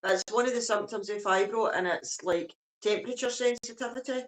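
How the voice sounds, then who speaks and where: A woman's voice: medium pitch, a little fast, low-quality recording. A Scottish woman chatting casually, easygoing, with "aye" and "eh" running through her talk. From Scotland. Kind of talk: casual chat.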